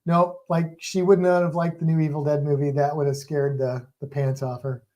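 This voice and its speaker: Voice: medium pitch, level tone, moderate pace, a little mellow. A livestream co-host in casual chat, rambling and restarting sentences while talking eagerly about movies. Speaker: teaches a class about sharks.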